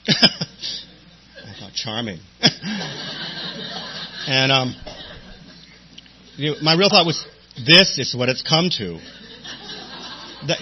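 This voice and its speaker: Wry, self-mocking storytelling man. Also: medium pitch. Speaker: speaker sharing his recovery story. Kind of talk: humorous personal storytelling. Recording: dull lo-fi recording with faint hum.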